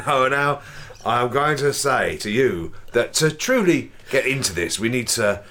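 Gravelly, bright-voiced man hosting crude improv. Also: medium pitch, lively intonation, a little slow, a little hiss or hum. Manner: crude, playful, putting on mock Cockney lines. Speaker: podcast host. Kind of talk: comic improv banter.

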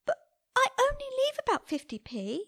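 A woman's voice: extremely high pitch, huge pitch swings, normal speed, a bit bright, exaggerated voice. A woman playing a naive, eager tooth fairy in a comedy sketch. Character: dim, cheerful female tooth fairy.

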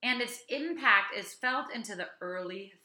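A woman's voice: medium pitch, moderate pace, bright, forceful tone, roomy sound. A woman in her thirties co-hosting a casual chat, talking things through and reading aloud from a website. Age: 30s. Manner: chatty, reads aloud from a website. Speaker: podcast co-host.

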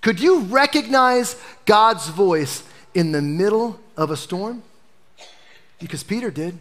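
Animated male pastor preaching a sermon. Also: high-pitched, takes it slowly. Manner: animated preaching, dropping to a hush for emphasis.

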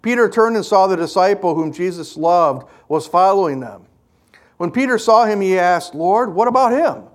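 A male pastor with a notably high speaking voice, preaching a sermon. He tells stories earnestly and with emphasis, driving each point home to the congregation. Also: lively intonation, moderate pace.

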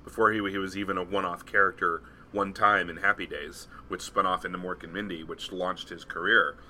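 A middle-aged man co-hosting a casual podcast, an animated storyteller who acts out the people he quotes. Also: low voice, brisk, a little hiss or hum. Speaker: podcast co-host. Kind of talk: casual chat.

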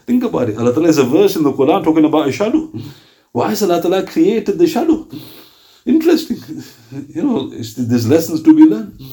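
A man giving an informal religious talk as a preacher, lively and joking, laughing often and acting out dialogue. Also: a little high, brisk.

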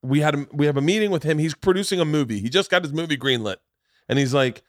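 A man's voice: on the high side, fast talker, no room sound, clean studio sound. A man hosting a podcast, telling a long rambling story in casual chat, swearing freely. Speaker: podcast host.

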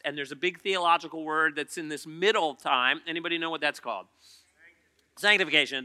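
A man's voice: fairly high pitch, bright, forceful tone. A man preaching a sermon in a church, talking conversationally and asking the congregation questions. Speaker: pastor. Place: church auditorium.

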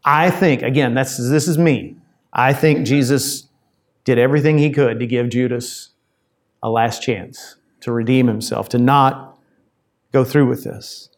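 A man's voice: mid-range voice, steady tone, measured pace. A man preaching a conversational sermon on a Bible passage, digressing and restarting often.

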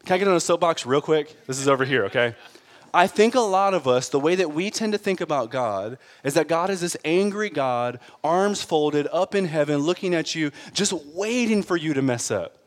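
A man preaching a sermon, animated and laughing often, checking in with the congregation as he goes. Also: fairly high pitch, moderate pace. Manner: animated, laughs often, asks the crowd "right?". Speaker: pastor. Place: church sanctuary. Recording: long hall reverb.

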